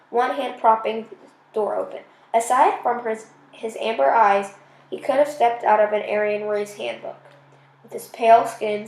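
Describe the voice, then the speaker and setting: A woman's voice: a little high, creaky, a little mellow, roomy sound, low-quality recording. Woman reading aloud, stumbling and restarting. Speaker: audiobook reader.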